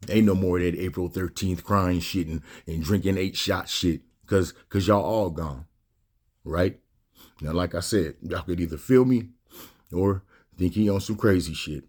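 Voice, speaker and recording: A middle-aged man hosts a raw monologue to camera, packed with rhetorical questions and slang, growing emotional until he's close to tears. His low voice is unhurried with a darkish tone.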